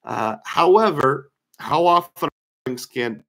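A man's voice: fairly high pitch, lively intonation, normal speed, vocal fry, fairly bright tone. A man giving a casual screen-share lecture on credit card points, talking through his opinions with fillers, his voice slightly worn. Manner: conversational, opinionated, thinking aloud with fillers.

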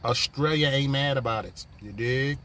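This man talks at a normal speed in a mid-range voice with a bright, forceful tone. Taking a work break near passing vehicles, he streams live from his phone and rambles through profane, casual banter with the people watching.

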